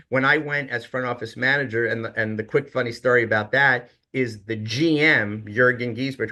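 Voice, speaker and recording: A middle-aged man with a bright, forceful voice tells his stories in an easygoing interview. He acts out quotes with emphasis and keeps a lively storytelling flow. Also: medium pitch. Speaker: guest, hotel executive.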